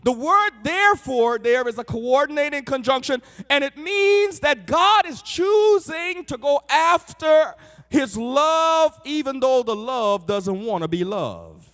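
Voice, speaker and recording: A middle-aged man preaching a sermon, swinging from shouted peaks to soft asides. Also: very high-pitched, lively intonation, slow, long reverb tail.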